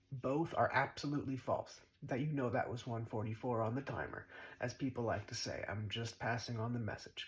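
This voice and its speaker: A man's voice: mid-range voice, rough recording. A man giving a spiritual monologue as a teacher, blunt and profane, mocking his listeners and repeating short commands.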